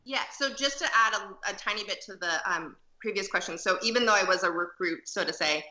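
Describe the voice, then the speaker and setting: A young woman in her twenties chats as a guest, filling her talk with "like". Her voice is strikingly bright. She sounds roomy and slightly dull, as if coming in from a separate space. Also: mid-range voice, brisk. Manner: chatty, peppered with "like". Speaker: podcast guest. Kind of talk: casual interview chat.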